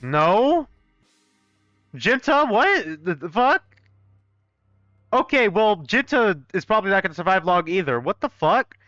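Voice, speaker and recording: A young man playing through a fan game live, voicing characters in an excitable, swearing, mock-outraged way, on a dull, dry recording. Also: sits high, a little slow, pauses often, no echo, faint music behind. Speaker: let's play gamer voicing a fan game. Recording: dull, dry close-mic sound.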